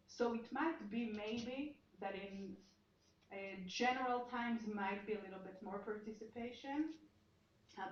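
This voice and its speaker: Woman lecturing in an echoey room. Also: mid-range voice. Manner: explanatory, thinking aloud with frequent restarts. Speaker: seminar lecturer and researcher. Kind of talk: academic seminar talk. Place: seminar room, indoors. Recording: echoey room, dull sound, faint noise.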